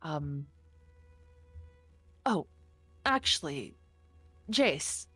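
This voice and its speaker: Suave male patron, lower voice, courteous drawl; voiced by a woman. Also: sing-song, very slow, sharp tone, breathy edge, no echo, faint music behind, exaggerated voice. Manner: drawling, courteous, calls people "dear".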